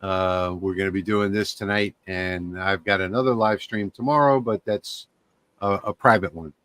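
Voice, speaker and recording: A man chatting casually as a guest on a live stream, relaxed and joking. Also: low voice, normal speed.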